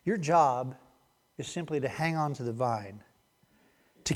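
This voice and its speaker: A male pastor giving a conversational sermon, shifting between animated stretches and hushed asides. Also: medium pitch, unhurried.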